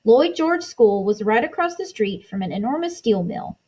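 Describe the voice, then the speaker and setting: A woman's voice: a little high, expressive, moderate pace, mellow, slightly rough. A woman reading an author's note aloud in a plain, matter-of-fact way.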